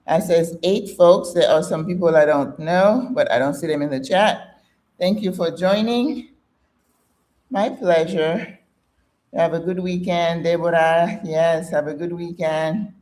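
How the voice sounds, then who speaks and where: A woman's voice: low-pitched, darkish tone. An older woman, chatty and encouraging as she leads a live workout class and talks with viewers. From Caribbean. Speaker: fitness instructor and channel host. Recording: roomy echo.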